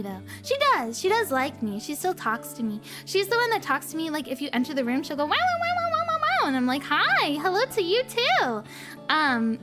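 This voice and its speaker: A high-pitched woman streams a casual chat, bubbly and rambling in a playful way. Her talk drifts easily from one thing to the next, light and upbeat. Quiet background music sits faintly under her voice.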